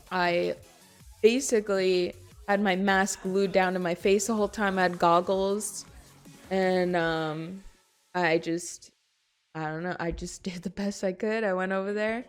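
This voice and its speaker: A woman's voice: mid-range voice, fairly even intonation, a little slow, faint music behind. A young woman streamer telling a story in casual, chatty talk, full of "like" and other fillers, recorded in a basement. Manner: chatty, filler-heavy, lots of "like". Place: basement of a house.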